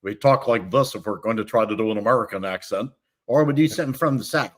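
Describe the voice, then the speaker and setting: A man's voice: lowish voice, fast. A man talking as a guest on a casual panel show, wry and offhand, stumbling on his first words. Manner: wry, offhand, stammers on starts.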